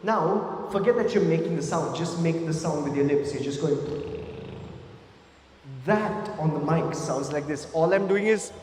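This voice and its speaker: A man's voice: fairly high pitch, a little slow, darkish tone, very echoey, big-room sound, a little hiss or hum. A man talking to a live audience, coaxing the crowd and teasing himself. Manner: playful, self-mocking, coaxing the crowd. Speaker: musician and beatboxer. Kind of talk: live talk to an audience, singing and demonstrating.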